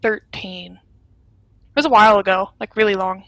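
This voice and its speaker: Giggly young woman, bright voice. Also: medium pitch, unhurried. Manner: giggly, animated storyteller. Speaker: interview guest. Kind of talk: casual chat over video call. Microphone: video call.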